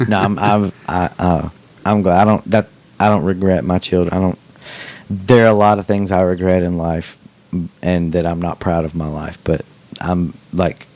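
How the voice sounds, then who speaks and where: A man's voice: low voice, flat delivery, moderate pace, a little mellow. A middle-aged man hosting a podcast, chatting casually, rambling and joking with plenty of swearing. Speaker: podcast host. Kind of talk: casual chat.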